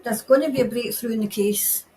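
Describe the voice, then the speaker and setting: A woman tarot reader doing a psychic reading on a livestream. She talks in an emotional, halting way and sometimes drops to a whisper. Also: on the high side, dark tone, slight background noise, low-quality recording.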